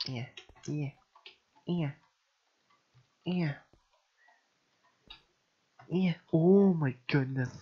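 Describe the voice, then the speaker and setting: A man's voice: a little high, extremely slow, long pauses, slightly rough, lo-fi sound. A man giving casual gameplay commentary, frustrated and sighing, mocking himself as he mutters along. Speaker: gamer.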